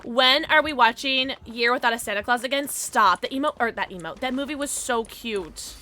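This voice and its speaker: A young woman live-streaming a game, giggly and excitable, chatting with her viewers and squealing at the game. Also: on the high side, moderate pace, hardly any pauses, slight background noise.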